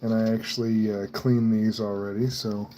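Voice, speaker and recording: A man hosting a live stream, casually talking through a hands-on task in a slow, low-key way, thinking aloud. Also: flat delivery, mellow, a little hiss or hum. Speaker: livestream host. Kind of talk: casual live-stream commentary while working.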